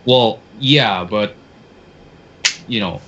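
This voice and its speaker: A man's voice: on the low side, bright, forceful tone, a little hiss or hum. A man co-hosting a casual podcast over a video call, chatting and then reading a scary story in a suspenseful voice. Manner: reads in a slow suspenseful narrating voice. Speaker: podcast co-host. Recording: dull lo-fi call audio.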